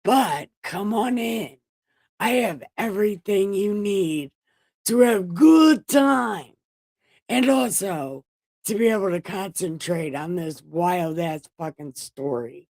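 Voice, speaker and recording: Slow, low-voiced joking woman host. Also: darkish tone, no room sound. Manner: joking, profane, playfully boastful. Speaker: host reading the Bible aloud. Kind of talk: casual livestream Bible reading.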